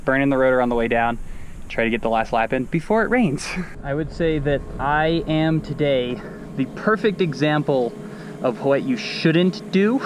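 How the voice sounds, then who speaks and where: A man's voice: mid-range voice, normal speed, noisy background. A man vlogging between mountain bike race runs in casual, self-deprecating commentary, often laughing at himself, recorded outdoors at a race venue. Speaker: enduro mountain bike racer.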